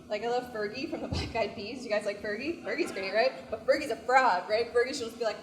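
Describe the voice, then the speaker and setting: A young woman doing stand-up comedy in a small, echoey venue, her voice sitting fairly high. She talks in a chatty, self-deprecating way and fills her sentences with "like". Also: fast, few pauses.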